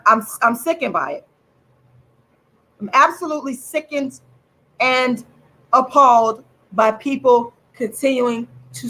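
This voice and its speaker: Angry woman ranting at the camera, husky and bright, voice leaps all over the place. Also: a little high, rough recording. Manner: furious, repetitive, swearing, drawn-out emphatic words. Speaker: channel host. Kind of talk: angry direct-to-camera rant.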